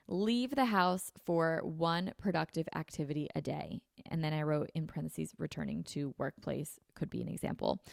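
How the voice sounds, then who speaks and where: A woman's voice: low-pitched, gravelly, no room sound, studio quality. A young woman hosting a solo podcast, talking casually and upbeat with lots of fillers. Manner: chatty, filler-heavy, upbeat self-help talk. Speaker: podcast host. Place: her apartment.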